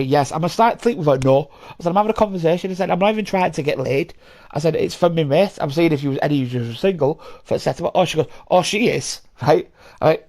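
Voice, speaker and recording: A man's voice: on the high side, animated, fast talker, darkish tone. A young man hosting a podcast, telling rambling, sweary stories with frequent laughs and acted-out voices. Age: young adult. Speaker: podcast host. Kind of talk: casual storytelling.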